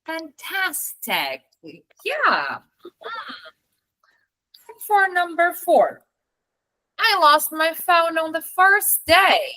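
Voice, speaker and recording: A woman teaching an online English class, patient, explaining slowly and demonstrating intonation. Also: very high voice, very animated, bright, forceful tone, low-quality recording.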